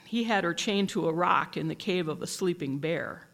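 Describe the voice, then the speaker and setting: A teacher reading a picture book aloud in a gentle, measured storytelling manner. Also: medium pitch, creaky.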